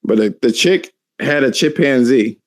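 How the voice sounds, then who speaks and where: A man co-hosting a podcast, chatting casually with profane, animated storytelling and frequent laughter. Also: medium pitch, measured pace, no echo. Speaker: podcast co-host. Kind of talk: casual chat.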